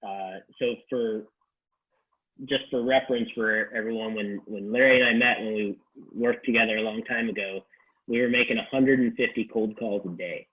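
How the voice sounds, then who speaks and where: A man's voice: fairly low pitch, fairly even intonation, normal speed. A man hosting an interview, friendly and encouraging, thanking his guest. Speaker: interview host. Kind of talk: casual interview. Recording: phone-like thin audio.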